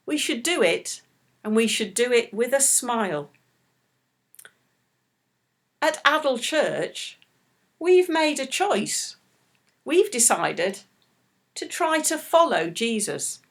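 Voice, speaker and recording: Middle-aged lady doing a kids church talk, slow and gentle, voice goes up and down a lot. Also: fairly high pitch. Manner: slow, animated, talks warmly to small children. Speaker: children's church leader. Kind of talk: children's talk.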